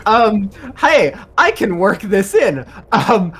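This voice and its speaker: A woman playing a tabletop game, talking in a slow, playful, drawn-out way. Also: mid-range voice, big pitch swings, a bit bright. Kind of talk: casual tabletop play.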